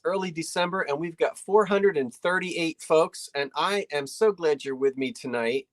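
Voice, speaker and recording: A woman's voice: sits low, moderate pace, few pauses. A folksy woman hosts a live antiques sale from her decorated living room. She chats easily, trails off mid-sentence and circles back while showing each item. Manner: chatty, folksy, trails off and restarts while describing items. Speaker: online antiques auction host. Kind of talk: live sale stream presenting.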